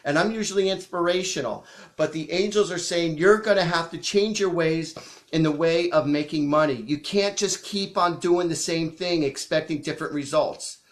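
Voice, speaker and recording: A man hosting a live psychic show, chatty and animated as he tells stories and acts out quotes, a bit sniffly from allergies. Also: a little high, moderate pace. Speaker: psychic medium host. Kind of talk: casual live-stream storytelling.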